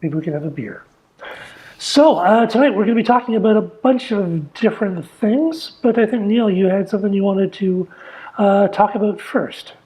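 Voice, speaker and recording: A man hosting a radio show, chatting in a relaxed, halting way with lots of fillers. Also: high voice, poor audio. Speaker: podcast host. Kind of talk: casual chat. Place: home studio, newly moved.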